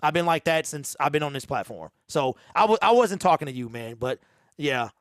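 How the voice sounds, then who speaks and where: A man's voice: a little high, lively intonation, fairly quick, no room sound, studio quality. A man hosting a fan call-in show, talking loosely and repeating himself, with "man" in almost every sentence. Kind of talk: casual call-in chat.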